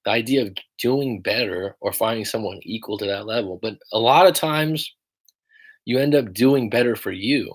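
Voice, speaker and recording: Male relationship coach, lowish register, profane and direct, livestream Q&A. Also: moderate pace. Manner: blunt, profane, emphatic; reads viewer comments aloud.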